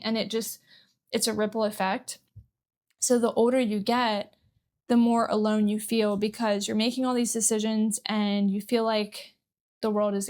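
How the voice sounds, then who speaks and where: A woman vlogger talking candidly and emotionally to her viewers, rambling a little with restarts. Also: medium pitch. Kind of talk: personal talk to camera.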